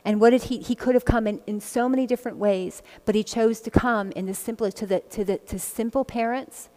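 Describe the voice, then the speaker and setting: A fairly high-voiced woman reads scripture and then chats about it, giggling easily between verses. Her voice carries a long reverb, as if heard in a big echoing room. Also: steady tone, brisk, dark tone. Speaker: Bible study teacher. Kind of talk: casual Bible teaching, reading scripture with commentary.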